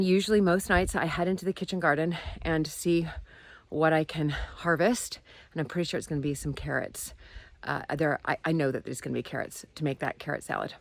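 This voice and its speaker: An American woman chatting casually to viewers in a vlog, excitable as she shows her kitchen garden. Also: low-pitched. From United States. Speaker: vlogger.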